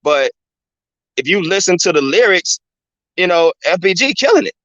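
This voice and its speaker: A man hosts his show in a loose, casual commentary monologue, often asking "you know what I'm saying?" His high-sitting voice swings widely in pitch at a moderate pace and sounds a bit bright, though the recording is dry, dull, and lo-fi with no room sound.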